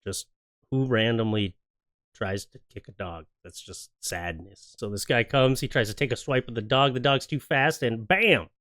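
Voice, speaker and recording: A man's voice: medium pitch, moderate pace, a bit bright. A man hosting a clip-reaction show, ranting in a casual, sarcastic, jokey way. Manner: sarcastic, jokey rants with exaggerated acted quotes. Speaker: YouTube reaction host. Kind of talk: casual comedic commentary on clips.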